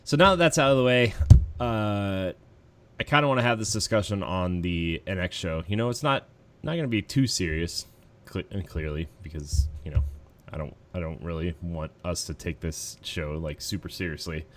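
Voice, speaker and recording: A man's voice: low-pitched, normal speed, slight background noise. A man hosting a casual gaming podcast, rambling easily with plenty of fillers. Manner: relaxed, rambling, lots of fillers. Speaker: podcast host.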